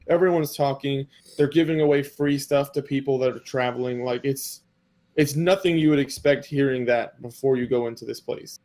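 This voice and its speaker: A man's voice: mid-range voice, darkish tone. Rambling man retelling an anime episode. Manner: rambling, filler-heavy storytelling with quoted dialogue. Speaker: podcast co-host. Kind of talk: casual chat recapping an anime episode.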